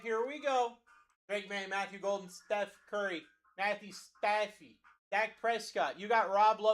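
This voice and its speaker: Hyped man hosting a card break stream. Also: high voice. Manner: energetic, talks fast to chat, calls out players. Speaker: card break livestream host. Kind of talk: hyped live-selling patter.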